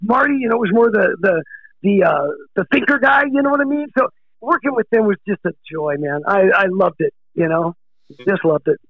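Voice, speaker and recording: Gravelly excitable drummer man, lo-fi call. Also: high-pitched, brisk, dry recording. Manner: excitable, laughs often, says dude and freaking. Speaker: guest, rock drummer. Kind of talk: casual interview chat.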